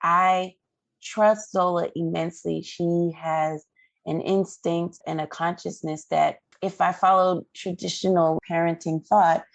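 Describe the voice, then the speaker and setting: Woman, low gravelly voice, earnest storytelling, dry close sound. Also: flat delivery, unhurried, no echo. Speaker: guest parent advocate. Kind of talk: storytelling in a podcast interview.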